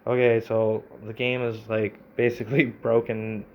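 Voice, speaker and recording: Guy rambling about a text game, says like a lot, flat tone, kinda muffled lo-fi audio. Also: mid-range voice, unhurried, slight background noise. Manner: rambling, heavy use of "like". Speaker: video game commentator. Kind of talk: reading aloud and commenting. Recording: slightly dull lo-fi recording.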